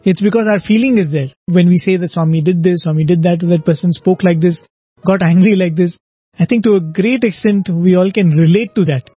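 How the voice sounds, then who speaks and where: A man's voice: high-pitched, fairly quick, mellow, husky, dry recording. An older man recounting a spiritual anecdote in conversational storytelling, often laughing and saying "you know.". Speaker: guest recounting stories. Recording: slightly muffled recording with faint music.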